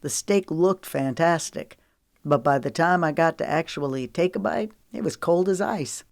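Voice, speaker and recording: A woman narrator voicing an easygoing young man who talks in a soft, teasing way. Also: low-pitched, normal speed, vocal fry, no echo, studio quality.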